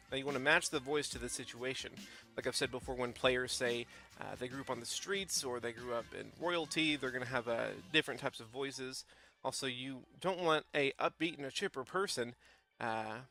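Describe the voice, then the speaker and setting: Bright-voiced man giving casual game tips. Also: mid-range voice. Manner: loose, rambling delivery with frequent fillers. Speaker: tabletop game YouTuber. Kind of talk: casual tutorial talk.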